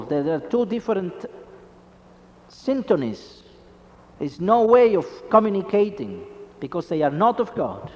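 A man with a high voice delivers a Catholic sermon, pitch rising and falling widely as he presses his points with rhetorical questions. His voice rings out with a long reverb, as if in a church. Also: lo-fi sound. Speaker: Catholic preacher.

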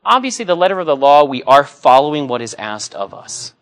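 A man's voice: fairly high pitch, very animated, fairly quick, a bit bright. A middle-aged man, a Catholic priest, giving a conversational homily full of joking anecdotes. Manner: anecdotal and joking, acts out quoted voices.

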